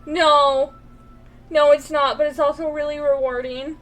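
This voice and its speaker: A woman's voice: high voice, little pitch movement, measured pace, a bit bright, soft background music, rough recording. A young woman streaming a game, reading its narration aloud while chatting and cooing at her baby.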